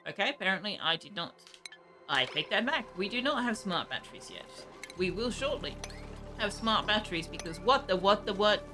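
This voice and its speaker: A young woman streaming a game, chatting casually and thinking aloud, reacting with quick surprise to what happens. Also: mid-range voice, expressive, music in the background. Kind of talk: casual live gameplay commentary.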